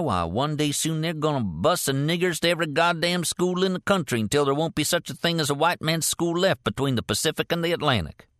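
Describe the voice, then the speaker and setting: A man voicing a coarse, ranting bigot who talks in a raised, high-pitched voice. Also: bright, forceful tone, no echo, clean studio sound. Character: loud ranting bigoted Southern middle-aged man.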